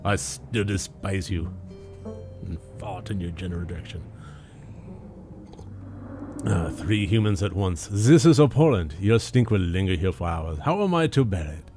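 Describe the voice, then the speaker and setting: A man's voice: deep voice, animated, unhurried, long pauses, a little mellow, faint music behind. A man voicing a haughty female house cat in a put-on French accent, disdainful and theatrical. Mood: scornful.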